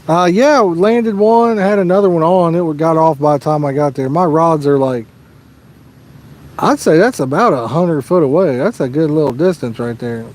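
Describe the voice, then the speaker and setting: A man's voice: a little high, moderate pace, darkish tone. Laid-back Midwestern American man outdoors. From Midwest USA. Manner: laid-back, chatty, answers viewers' questions. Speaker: fishing livestream host. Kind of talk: casual livestream chat. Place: outdoors by a lake.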